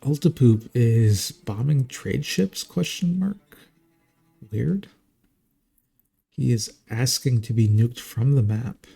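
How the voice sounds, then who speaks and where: Gravelly, husky male game caster. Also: mid-range voice, unhurried, few pauses, warm tone, faint music behind. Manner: casual, chatty, jokey, laughs often. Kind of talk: live game commentary.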